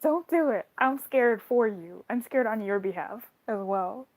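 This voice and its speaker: A young woman reading tarot on a live stream, chatting with viewers in an animated way, laughing often and swearing casually. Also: fairly high pitch, measured pace. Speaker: tarot card reader.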